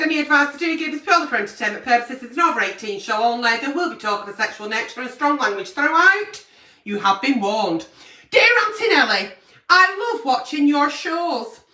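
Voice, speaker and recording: A woman's voice: on the high side, sharp tone, distant mic. A woman hosting a late-night agony aunt show, blunt and brash and swearing constantly as she gives advice. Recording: echoey room, away from mic.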